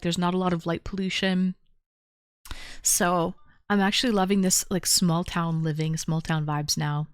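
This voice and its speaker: A woman's voice: mid-range voice, dry recording, clean studio sound. Chatty woman streaming. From Toronto, Canada. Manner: chatty, reads chat aloud and answers viewers. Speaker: full-time streamer. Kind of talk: casual livestream chat, unboxing. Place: home, small town.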